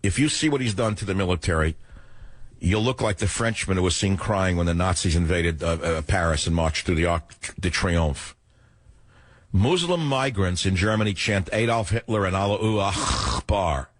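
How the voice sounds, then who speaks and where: An older man with a low, husky voice holds forth as a radio talk host, sarcastic and mocking as he rants. The sound is dry and close, with no room around it. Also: expressive, normal speed, no room sound. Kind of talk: opinionated radio monologue.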